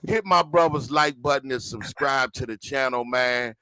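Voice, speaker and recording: A man co-hosting a podcast, teasing his friends in mock anger and then giving heartfelt shout-outs. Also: mid-range voice, moderate pace, no echo. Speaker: podcast co-host. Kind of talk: casual podcast sign-off.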